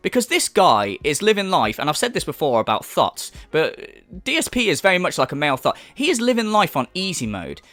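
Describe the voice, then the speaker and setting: A man's voice: a little high, wildly swooping pitch, fairly quick, hardly any pauses, sharp tone, dry recording. A man hosting a commentary rant, profane and mocking, sarcastic about the person he is discussing. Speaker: commentary channel host.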